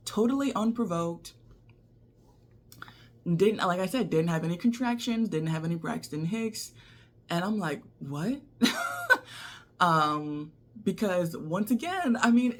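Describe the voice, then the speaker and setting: A young woman telling a personal story to the camera in a casual, animated way, often laughing. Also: on the low side. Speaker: vlogger.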